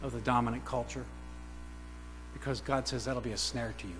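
A man preaching a sermon who fires rhetorical questions at the congregation and swings between quiet asides and loud, emphatic declarations. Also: medium pitch, steady tone, a little fast. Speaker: pastor. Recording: reverberant hall with faint mains hum.

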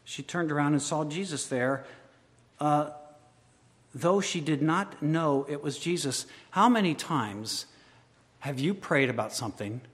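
Guy preaching a sermon, kinda high voice, goes quiet then gets loud and fired up, big hall echo. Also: expressive, unhurried. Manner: swings from quiet, hushed storytelling to loud impassioned crescendos. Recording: long hall reverb.

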